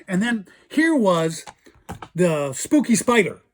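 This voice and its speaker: A man's voice: high-pitched, big pitch swings, slow pace. A man hosting a casual show-and-tell about old toys, chatty and enthusiastic. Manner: enthusiastic, chatty, imitates toy sounds. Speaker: toy collector host.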